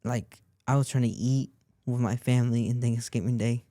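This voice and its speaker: A young man hosts a podcast, recounting a personal story in a wandering way, repeating phrases and saying "like" constantly. His voice is mellow and medium-pitched, with a steady tone and normal speed. There's no echo.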